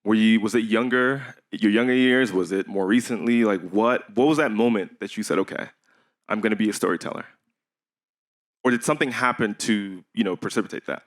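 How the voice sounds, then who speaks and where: A man's voice: fairly low pitch, fairly quick. A man moderating a panel, joking lightly and asking rambling questions. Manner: playful, asks rambling questions.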